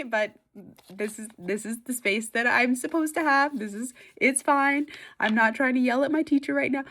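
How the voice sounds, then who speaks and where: A woman's voice: high voice, normal speed, bright, forceful tone. A woman vlogger chatting casually to camera, giggly and emotional, tearful at times, with lots of fillers.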